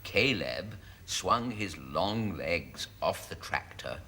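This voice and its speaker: A man's voice: low voice, expressive, slow pace, bright, forceful tone, exaggerated voice. An actor playing a prim, easily flustered man who reads a racy novel aloud to hospital patients, apologetic and prone to giggling. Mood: solemn reading. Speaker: hospital volunteer reading aloud. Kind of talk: sketch comedy acting. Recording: heavy hiss on an old broadcast recording.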